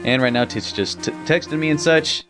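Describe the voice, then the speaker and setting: A man's voice: a little high, normal speed, fairly bright tone, low-quality recording. Young man in a profane let's play. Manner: loose, profane, laughing asides. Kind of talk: casual gameplay commentary. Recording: game music under the voice.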